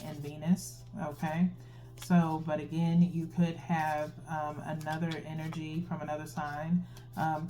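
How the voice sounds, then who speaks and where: A woman's voice: low voice, mellow. A woman giving a casual tarot reading, chatty and explaining, who keeps tagging her sentences with a questioning "okay?". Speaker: tarot reader. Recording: faint instrumental music behind.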